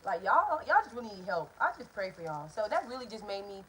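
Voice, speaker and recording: Fast-talking, rambling young woman vlogger. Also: medium pitch, sing-song, a bit bright, slight background noise, low-quality recording. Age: young adult. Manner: rambling, talkative, drifts off topic; blunt and profane, addresses viewers directly. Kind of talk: casual storytime vlog.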